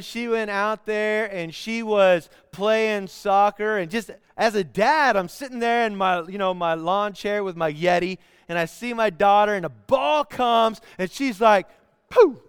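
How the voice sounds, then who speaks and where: Casual pastor guy, high clear voice, chatty sermon, close mic but hall ringing behind. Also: fairly bright tone. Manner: conversational, asks the room for responses. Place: church sanctuary.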